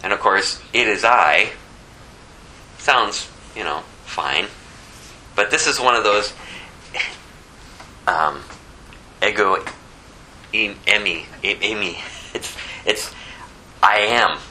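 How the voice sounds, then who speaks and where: A man's voice: fairly low pitch, slow, long pauses, bright, forceful tone, a little hiss or hum, low-quality recording. A man preaching a conversational sermon, asking rhetorical questions and restarting phrases often. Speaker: pastor.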